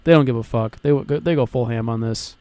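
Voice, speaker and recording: A young man co-hosting a podcast in casual chat, talking excitedly, swearing often and restarting his sentences. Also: medium pitch, brisk, dry recording. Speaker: podcast co-host.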